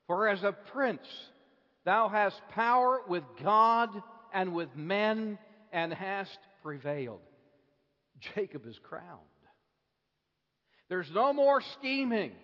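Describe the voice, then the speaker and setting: A man preaching a sermon, moving between hushed lines and impassioned outbursts with slow, deliberate phrasing. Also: high-pitched. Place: church hall. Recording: dull lo-fi recording with long hall reverb.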